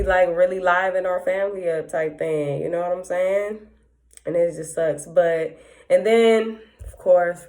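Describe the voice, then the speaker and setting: Low-voiced woman sharing a painful story. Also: darkish tone. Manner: candid, emotional, slangy, many fillers. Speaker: podcast host. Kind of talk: casual personal storytelling.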